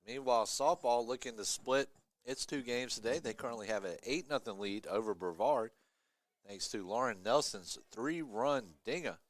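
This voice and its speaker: A man giving live play-by-play commentary on a college lacrosse game, chatty between plays and excited on big ones. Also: medium pitch, dry recording. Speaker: play-by-play announcer.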